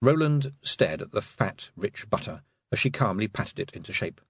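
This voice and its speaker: Male audiobook narrator, husky, wildly varied pitch, dry booth sound. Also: moderate pace, dry recording. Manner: expressive storytelling. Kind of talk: scripted narration.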